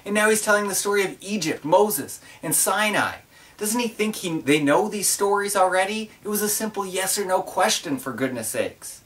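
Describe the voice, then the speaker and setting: A man's voice: fairly high pitch, lively intonation, normal speed, a bit bright, recorded from a distance. A man voicing an impatient, sarcastic temple guard who mutters complaints under his breath. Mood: exasperated.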